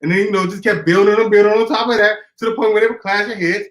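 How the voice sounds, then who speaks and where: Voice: mid-range voice, steady tone, fast talker, fairly bright tone. Joking co-host arguing in echoey room. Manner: argumentative, joking, laughs at own lines. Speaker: podcast co-host. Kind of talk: casual comic book chat.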